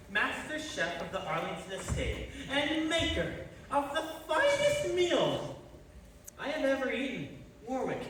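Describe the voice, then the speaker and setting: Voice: mid-range voice, fairly bright tone. A performer playing a scheming chef who puts on a bad French accent, with hammy, evasive delivery. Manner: hammy, evasive, nervous laughter. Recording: echoey room, distant mic, faint noise.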